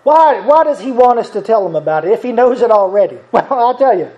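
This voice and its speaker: Man, middle-aged, folksy preacher, chuckling, conversational, very high voice, muffled lo-fi sound. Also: lively intonation, fairly quick, a little mellow. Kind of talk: sermon. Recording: dull lo-fi recording.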